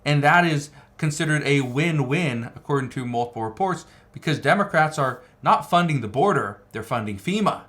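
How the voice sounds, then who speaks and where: A man's voice: fairly high pitch, expressive, moderate pace, hardly any pauses, a bit bright. Emphatic man commenting on news. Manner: emphatic, repeats key phrases. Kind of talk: news commentary reading articles.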